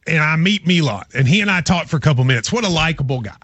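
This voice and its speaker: A middle-aged man hosting a casual sports talk radio show, telling stories in a lively, chatty way. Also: fairly high pitch, quick pace, slightly rough, dry recording. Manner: animated storyteller, lively and chatty.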